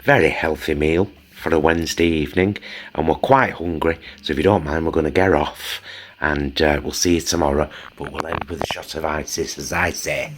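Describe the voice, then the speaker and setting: A man's voice: a bass voice, moderate pace, slight background noise. A man hosting a casual food vlog, chatty, teasing and affectionate as he shows dinner. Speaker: vlog host.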